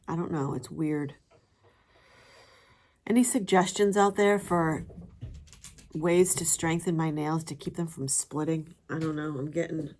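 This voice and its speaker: A woman's voice: sits low, a little mellow, slight background noise. A middle-aged woman chatting casually to camera as a vlogger, rambling with fillers and laughing often.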